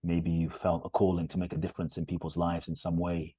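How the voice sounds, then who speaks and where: A man's voice: low voice, monotone, a little fast, mellow, husky, no room sound. A man, a podcast guest and retreat leader, telling stories in an earnest, emphatic and heartfelt way. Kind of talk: conversational storytelling interview.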